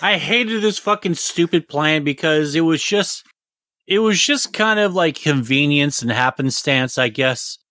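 A man's voice: on the high side, lively intonation, a little slow, sharp tone, dry recording, clean studio sound. A man co-hosting a podcast, talking casually, rambling and swearing a lot. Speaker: podcast co-host. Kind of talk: casual chat.

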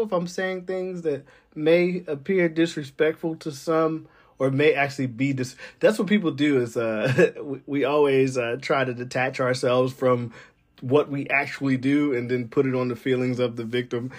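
A man hosting a solo podcast in a casual, rambling way, laughing often between phrases and getting emphatic when he makes a point. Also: medium pitch. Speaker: podcast host.

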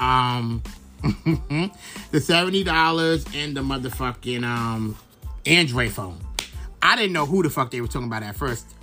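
A man's voice: medium pitch, pushed and bright. Chatty profane Brooklyn man gossiping. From Brooklyn, New York. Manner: chatty, profane, rambling with many fillers. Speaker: podcast host. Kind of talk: casual gossip monologue.

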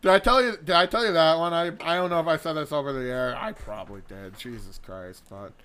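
A man's voice: fairly high pitch, fast talker, a bit bright, smooth. A man co-hosting a podcast, joking in casual, offhand banter. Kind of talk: casual chat.

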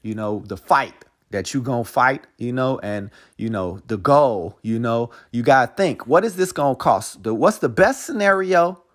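A man tells a story from his own life in a relaxed, unscripted podcast monologue. He swears freely and keeps dropping in casual fillers as he goes. At times he slows down to reflect and turns the story into a life lesson. His pitch sits in an ordinary middle range. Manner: profane, loose and conversational, full of "man" and "you know". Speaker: podcast host.

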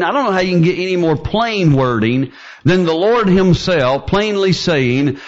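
A man preaching a sermon, fervent and building to near-shouts as he quotes scripture. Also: sits high, normal speed, highs cut off.

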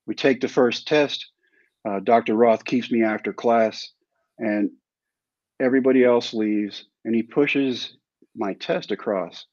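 An ex-pro baseball player from Texas, appearing as an interview guest, tells his story in a dryly self-mocking way. He talks unhurriedly in a medium-pitched, slightly mellow voice, and the recording is dry, slightly dull, with no room sound.

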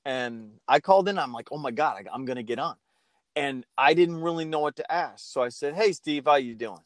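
A man's voice: on the high side, brisk, no room sound. A man from Portland, a guest in a casual interview, chatty and jokey, telling anecdotes.

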